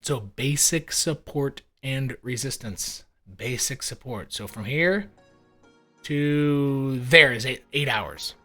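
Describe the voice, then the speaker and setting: A man giving casual screen-share commentary on crypto charts, animated and wry, with mock-panicked asides and casual swearing. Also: medium pitch, slow pace, soft background music.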